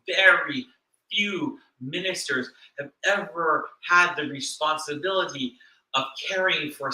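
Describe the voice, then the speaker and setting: A man's voice: high voice, sharp tone. Male minister, sermon, earnest and reflective, echoey church room. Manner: earnest, reflective, with pauses and repetitions. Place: church hall.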